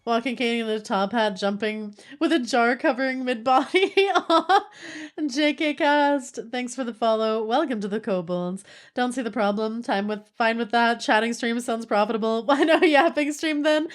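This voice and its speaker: A woman's voice: on the high side, moderate pace. A woman streamer chatting casually with her live audience, playful and laughing often.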